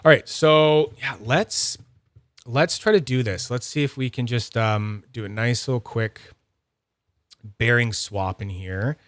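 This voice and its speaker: A man's voice: medium pitch, a little slow, a bit bright, dry recording. A Canadian man chatting on a live stream in an easy, playful way, joking and laughing as he works. His voice sits mid-range and sounds dry and close, with little room around it. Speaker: stream host. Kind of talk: casual live-stream chat.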